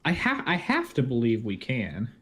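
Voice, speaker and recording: A man's voice: mid-range voice, huge pitch swings, moderate pace, a bit bright, husky. A man co-hosting a comedy podcast in casual chat, playing along with dry, short replies. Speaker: podcast co-host.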